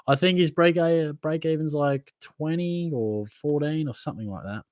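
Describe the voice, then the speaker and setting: A man's voice: fairly high pitch, moderate pace, darkish tone, dry recording, studio quality. A young Australian man hosting a casual live Q&A, reading viewer comments in a laid-back, matey way. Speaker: fantasy football livestream host.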